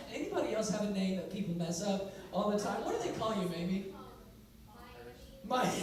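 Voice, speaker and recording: A young man speaking as a youth speaker, talking casually and playfully to a live audience in a large hall. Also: very high-pitched. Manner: playful and joking. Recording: echoey hall from far off with audience.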